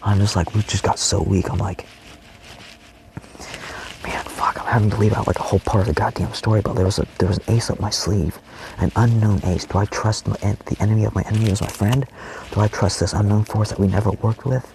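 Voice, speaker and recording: A low, gravelly male voice talking on and on in a loose personal monologue, heavy with swearing and restarts. He keeps slipping into hushed, breathy whispers. A faint hiss of noise sits under the recording. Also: steady tone, a little fast. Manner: profane, rambling, often dropping to a whisper. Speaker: vlogger.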